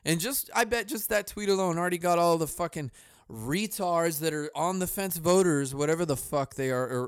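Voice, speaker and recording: A man's voice: fairly high pitch, moderate pace, smooth, no room sound, studio quality. A man hosting a solo comedy podcast, ranting in a cynical, profane, rambling way, breaking off to laugh and sigh. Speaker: podcast host.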